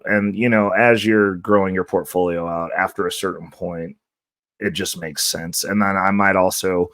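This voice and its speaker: Deep-voiced stuffy man, rambling casually. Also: no room sound, clean studio sound. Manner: loose and rambling, with many fillers and self-corrections; upbeat, hyping the viewers. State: stuffy and voice nearly worn out. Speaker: crypto channel host. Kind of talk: casual talk to camera.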